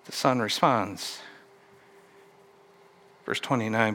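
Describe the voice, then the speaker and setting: A man's voice: a little high, a little slow, pauses often, pushed and bright. A man preaching a sermon, retelling a story and asking the listeners questions along the way. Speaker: pastor.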